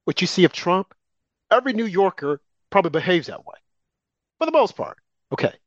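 A man's voice: sits high, sing-song, a little fast, no echo. A man co-hosting a political talk show, delivering emphatic, heated opinion commentary aimed at his co-host. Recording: dull, lo-fi and dry.

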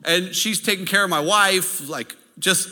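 A man preaching from the pulpit, his voice high-pitched and piercingly bright. His delivery swings up and down as he tells stories and checks in with the congregation. A long reverb tail trails off in the large hall. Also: a little slow. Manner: lively storytelling, checks in with the audience. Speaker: pastor. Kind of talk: sermon.

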